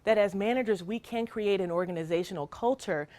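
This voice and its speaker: A woman's voice: mid-range voice, brisk, mellow, dry recording. Middle-aged woman trainer: earnest, emphatic, conversational; mid-range voice, dry close recording. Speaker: child welfare trainer. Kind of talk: training session talk.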